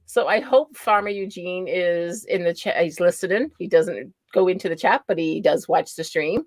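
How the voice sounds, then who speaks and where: A woman's voice: fairly low pitch, moderate pace, no echo. New England woman hosting a livestream; chatty, laughing, very dry close mic. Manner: chatty, greets viewers by name, laughs often. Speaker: livestream host. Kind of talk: casual livestream chat.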